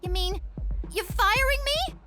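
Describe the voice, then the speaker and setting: An actress voicing a spoiled, dramatic teenage daughter in an animated comedy, whiny and bratty. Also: female voice, very high voice, unhurried, loud music behind the voice. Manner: whiny, bratty, swings between pouting and gushing.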